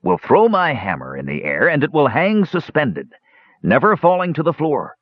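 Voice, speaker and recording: A man voicing a sly, boastful bearded dwarf who talks gruffly and calls others laddie, in a storybook reading. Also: fairly high pitch, wildly swooping pitch, moderate pace, dry recording, dull audio, voice pushed up.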